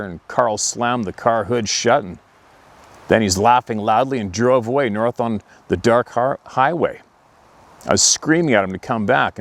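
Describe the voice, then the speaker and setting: A man, host of an outdoors channel, earnestly recounting a painful personal memory in slow, emotional storytelling. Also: on the low side.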